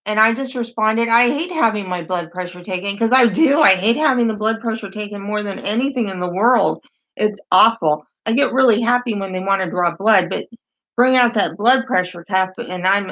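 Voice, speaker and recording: A woman with a fairly high voice reads strange messages aloud, deadpan and wry, stopping for asides. The sound is dull and lo-fi. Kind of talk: comedic reading of dating-site messages.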